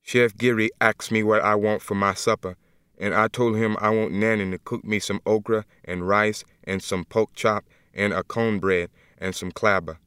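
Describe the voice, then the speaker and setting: A man reading an audiobook as a humble, gentle young man in jail, speaking slowly and earnestly in plain dialect. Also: lowish voice, clear, resonant tone, no echo, studio quality, close to an everyday voice. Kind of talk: audiobook first-person reading.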